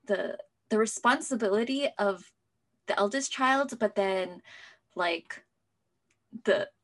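A young interviewee tells her personal story in a talkative manner, peppered with "like," with moments where she goes quiet, nearly whispering. Her pitch is medium and she speaks slowly.

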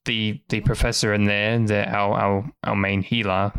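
A man's voice: lowish voice, flat delivery, moderate pace, creaky, a bit bright, smooth. A man voicing a worried, flustered young guard leader who stammers as he explains. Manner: stammering, rattled.

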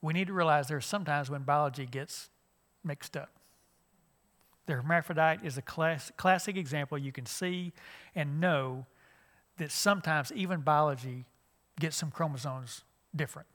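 A man's voice: on the high side, moderate pace, fairly bright tone. A middle-aged man, a youth minister giving a conversational church lesson with many fillers and restarts.

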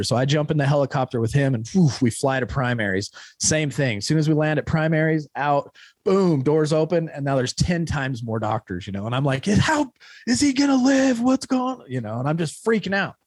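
In a rough recording, a man in his thirties with a medium-pitched voice appears as a podcast guest. His story of recovery and his son's accident is raw and rambling, punctuated by the odd shouted quote.

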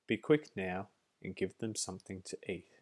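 A man's voice: deep voice, animated, normal speed, a little mellow. A man doing a haughty commanding queen bee. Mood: imperious. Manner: imperious.

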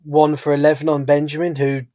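A man's voice: a little high, monotone, fairly quick, mellow, no echo. Chatty British man on a dry mic. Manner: chatty, rambling, frequent fillers and restarts. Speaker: podcast co-host. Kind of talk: casual sports chat.

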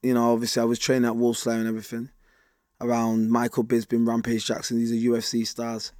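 A man, telling his life story as an interview guest. His pitch stays flat and level while his words stay streetwise and vivid, punctuated with mimicked gunshots and engine noises. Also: fast talker, dry recording, studio quality. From Manchester, England.

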